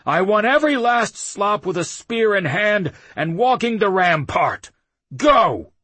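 A man voicing a bulky old half-orc warband chief who talks in short, gruff commands. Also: mid-range voice, very animated, slow pace, fairly bright tone, no echo, pitched above the performer's own voice, heavily acted. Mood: barking orders. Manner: barks orders, gruff and terse.

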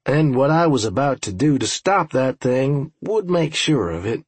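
A man's voice: mid-range voice, expressive, unhurried, slightly rough, no echo. A man narrating an audiobook in the first person, with a dry, wry, profane manner.

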